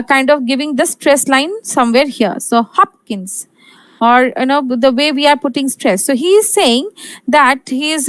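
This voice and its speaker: A woman's voice: sits high, a bit bright, no room sound, poor audio. A woman from India giving an exam-prep literature lecture, repeating key points and asking and answering her own questions.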